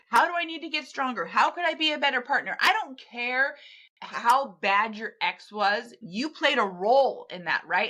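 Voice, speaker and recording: A woman's voice: fairly high pitch, sharp tone. A woman hosting a podcast, speaking straight to the listener in a direct, emphatic motivational monologue. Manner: direct, pep-talk, blunt and emphatic. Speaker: podcast host.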